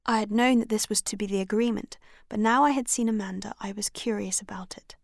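A woman narrating a story, first-person audiobook reading with expressive delivery. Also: medium pitch, a little fast, creaky, few pauses, no echo, clean studio sound. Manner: expressive, voices each character. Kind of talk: scripted narration.

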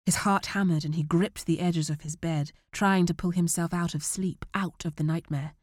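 A woman narrating a children's adventure audiobook in a measured, dramatic way. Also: on the low side, steady tone, darkish tone, no echo, studio quality.

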